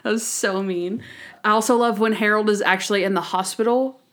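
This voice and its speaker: A woman co-hosting a podcast speaks at medium pitch and a fairly quick pace in a casual chat recapping a TV episode. She first narrates a summary of the episode, then talks it over animatedly, laughing often and acting out quotes.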